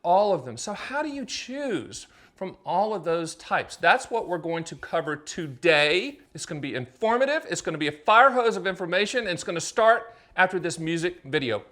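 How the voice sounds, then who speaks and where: A middle-aged man with a slightly raised voice talks straight to camera, hosting his own explainer show. He drives his points home in punchy, salesy bursts, firing rhetorical questions and tossing in quick asides before snapping back on track. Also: high voice, big pitch swings, sharp tone. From United States. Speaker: annuity agent and show host. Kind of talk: energetic solo explainer to camera.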